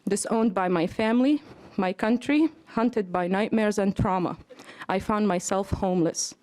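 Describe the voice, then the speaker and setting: A woman's voice: medium pitch, normal speed, a little mellow. A woman in her twenties, from Africa, out of breath, reading earnest, emphatic testimony to a committee in a hearing room.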